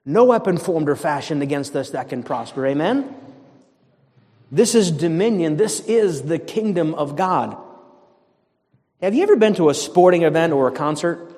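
Pastor from the area, male, high-pitched, fervent and chatty, heard with long reverb. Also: animated, normal speed, a little mellow. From Boston area, USA. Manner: fervent, conversational preaching with repeated emphatic commands. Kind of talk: sermon.

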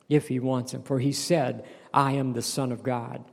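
A man delivers a sermon in a gravelly, warm voice. He reads a passage, then breaks it down with restarts and an occasional "Amen?" His voice carries a long reverb tail from the hall. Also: mid-range voice, flat delivery, moderate pace, hardly any pauses. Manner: reads scripture aloud then explains it, with restarts and calls of "Amen?". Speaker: pastor.

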